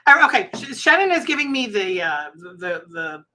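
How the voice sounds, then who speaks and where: Chatty bright-voiced woman rambling at home. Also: mid-range voice, very animated, normal speed. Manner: chatty, rambling, laughs often. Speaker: Scentsy consultant and channel host. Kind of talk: casual livestream chat.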